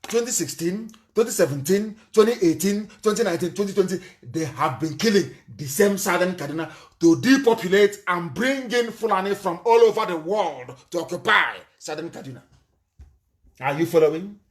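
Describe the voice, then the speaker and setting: A man with a Nigerian accent giving an impassioned live broadcast speech, angry and accusing, with sudden loud outbursts. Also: high-pitched, animated, normal speed.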